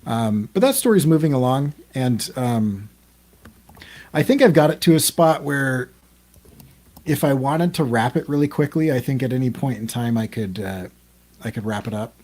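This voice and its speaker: A man's voice: medium pitch, expressive, moderate pace, a little mellow. A man co-hosting a podcast in casual group chat, talking in a rambling way with many ums and restarts. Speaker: podcast co-host.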